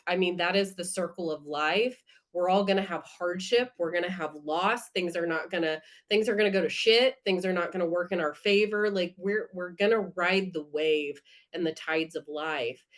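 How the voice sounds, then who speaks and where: Earnest woman guest on a podcast. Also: on the low side. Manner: earnest and heartfelt, thinking aloud. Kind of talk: casual podcast conversation.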